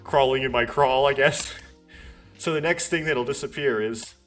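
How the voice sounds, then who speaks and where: A man hosts a let's play, reading a visual novel aloud with earnest drama. He stumbles and restarts now and then and slips in wry asides. His voice sits at an ordinary middle pitch. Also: normal speed, fairly bright tone, soft background music.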